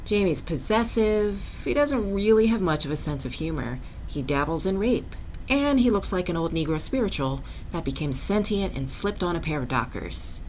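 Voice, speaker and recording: A woman's voice: low voice, slight background noise, poor audio. A middle-aged woman hosting a podcast, chatting casually about a film with a wry, snarky, joking manner. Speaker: podcast host and radio producer. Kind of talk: casual film-review chat.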